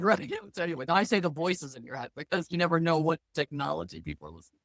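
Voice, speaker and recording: A middle-aged woman with a low, creaky voice speaks fast as a financial planner guest in a casual interview, with no room sound on the recording. She's a lively, blunt storyteller.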